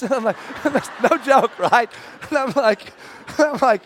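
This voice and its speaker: A man in his forties preaching a sermon, telling a personal story in an animated way, with bursts of shouting when he acts out scenes. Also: high voice, brisk. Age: 40s. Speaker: pastor.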